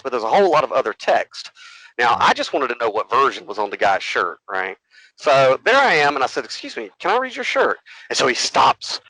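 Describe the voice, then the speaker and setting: Male podcast co-host, animated storyteller, dry close mic. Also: medium pitch, no room sound, low-quality recording. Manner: animated storytelling, acts out other voices. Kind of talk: casual storytelling.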